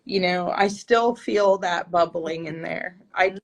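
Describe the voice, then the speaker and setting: Woman, podcast co-host in a season of grief; reflective, halting delivery. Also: lowish voice. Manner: reflective, searching for words. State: grieving. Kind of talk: casual faith chat.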